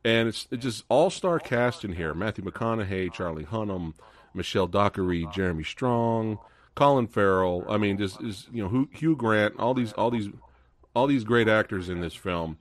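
A man's voice: lowish voice, moderate pace. A man hosting a live podcast, casual and chatty, laughing often and reading out viewer comments. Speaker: podcast host.

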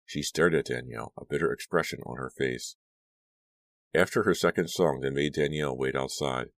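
Male narrator, audiobook reading, extremely deep voice, dry close sound, measured. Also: no echo. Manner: steady, measured storytelling.

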